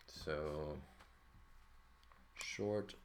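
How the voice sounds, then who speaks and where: A man teaching a Greek lesson in a relaxed, thinking-aloud way, with fillers and checks like "right?". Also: rumbling low, extremely slow, a little hiss or hum. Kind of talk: casual lesson walkthrough.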